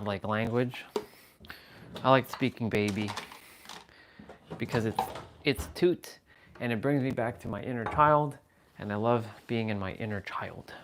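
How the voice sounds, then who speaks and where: A man's voice: lowish voice, fairly bright tone, a little hiss or hum. A man hosting a live stream, rambling casually and playfully as he chats with his viewers. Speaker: livestream host.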